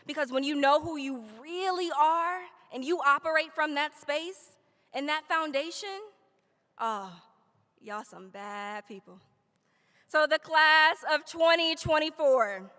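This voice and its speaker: A woman's voice: sits high, sharp tone. A woman giving a motivational commencement speech, leading the graduates in call-and-response affirmations and mixing in playful, casual asides to the crowd. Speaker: commencement speaker. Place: large graduation ceremony hall. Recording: long reverb of a large hall.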